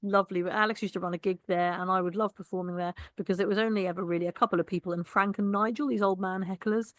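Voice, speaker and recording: A woman co-hosting a casual podcast, jokey and quick to laugh. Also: mid-range voice, steady tone, no room sound, studio quality. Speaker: podcast co-host, comedian.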